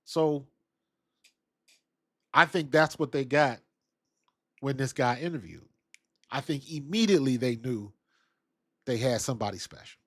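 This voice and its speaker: A man hosts a relaxed football live-stream, talking conversationally and responding to viewers' comments as they arrive. His middle-pitched voice sounds close and dry, with no room sound at all. He speaks at a measured pace and pauses often.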